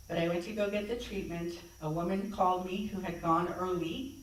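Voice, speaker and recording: Woman guest speaker, lower voice, conversational storyteller, heard from a distance in a very echoey sanctuary. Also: fairly even intonation, moderate pace, slight background noise. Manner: conversational, reenacts dialogue. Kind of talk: personal storytelling talk. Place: church sanctuary. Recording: echoey hall, distant mic.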